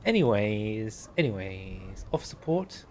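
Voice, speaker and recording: A man's voice: on the low side, big pitch swings, a little slow, a little hiss or hum. A young man streaming and talking over a strategy game, chatty and wry, reading in-game text aloud. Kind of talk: game livestream commentary.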